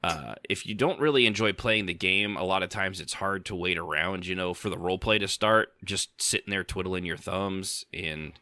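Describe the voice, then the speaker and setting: A man's voice: low-pitched, normal speed, hardly any pauses, pushed and bright, no echo. A man hosting a casual gaming podcast, rambling with many restarts and fillers. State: hiccups. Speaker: podcast host. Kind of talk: casual chat.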